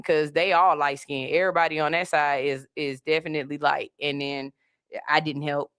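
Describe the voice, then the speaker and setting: A woman hosting a podcast, telling stories in a casual, animated way with frequent laughs. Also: sits low, moderate pace, smooth, no echo, clean studio sound. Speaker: podcast host. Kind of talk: casual comedic chat.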